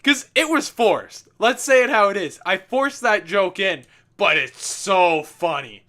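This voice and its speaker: A man's voice: high voice, unhurried. A young man giving a casual commentary over his own gameplay video, laughing, swearing and poking fun at himself. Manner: animated, laughing, swearing, self-mocking. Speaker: commentary host.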